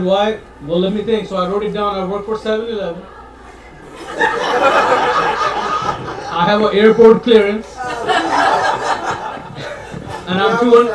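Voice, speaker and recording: A man giving a heartfelt, joking speech at a retirement party, halting, with many restarts. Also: high-pitched. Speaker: guest speaker. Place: party room. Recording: roomy hall, mic at a distance.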